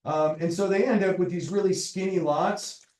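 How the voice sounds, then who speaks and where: This university lecturer keeps things loose and jokey, tagging his sentences with "right?". His voice is a little high for a man, a touch mellow, and moves at a moderate pace, recorded from a distance and off mic amid the echo of the lecture hall.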